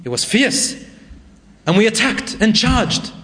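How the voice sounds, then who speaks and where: A man's voice: high-pitched, sing-song, slow pace, fairly bright tone. A man preaching a sermon, reciting Arabic verses and retelling a story with rising emotion.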